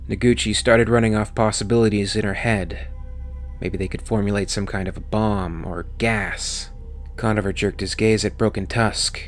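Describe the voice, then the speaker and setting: A man narrating a sci-fi horror audiobook with steady, measured reading. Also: lowish voice, slight background noise. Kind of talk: scripted narration.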